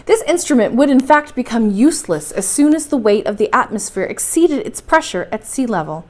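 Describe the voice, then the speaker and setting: Library storytime reader, woman, slightly high pitch, steady clear narration. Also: a little fast. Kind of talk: bedtime story reading.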